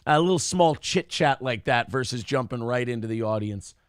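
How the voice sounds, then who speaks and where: A man's voice: mid-range voice, moderate pace, smooth, no room sound, studio quality. A man co-hosting a casual morning show, telling stories with crude, swearing banter. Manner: animated, crude, lots of swearing. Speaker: podcast co-host.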